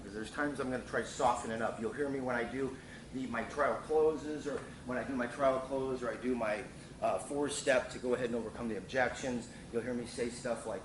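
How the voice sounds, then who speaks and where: A middle-aged man talks through a sales training lesson in a loose, repetitive way, full of fillers and restarts. He sits some distance from the mic in a reverberant room, with steady background noise. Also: medium pitch. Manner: casual, repeats himself, many fillers and restarts.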